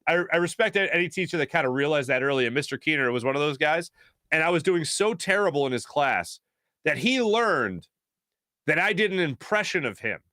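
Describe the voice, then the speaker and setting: A man hosting a casual talk show, rambling through stories with many fillers and animated asides. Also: fairly high pitch, a little fast, no room sound, studio quality. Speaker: show host.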